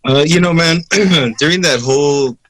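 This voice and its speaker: A man's voice: fairly high pitch, normal speed, fairly bright tone, dry recording. A man co-hosting a podcast, chiming in with laid-back, slangy banter. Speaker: podcast co-host. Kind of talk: casual podcast chat.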